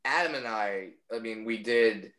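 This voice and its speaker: A man, a comedian guest on a podcast, telling stories in casual chat and slipping into quick impressions of friends. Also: lowish voice, poor audio. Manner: storytelling, animated impressions.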